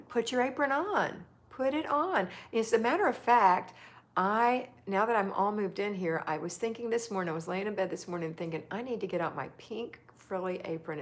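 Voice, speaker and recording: A woman hosting a casual livestream, chatting affectionately and reading viewer comments aloud. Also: fairly low pitch. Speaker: livestream host.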